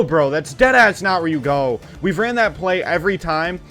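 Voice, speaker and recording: A fairly high-voiced man commentates on his own basketball video game, swinging between excitement and exasperation as he scolds the players on screen. His talk is casual and full of slang and swearing. Faint game music plays behind him. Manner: excitable, quickly frustrated, talks to the players on screen. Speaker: gaming channel host.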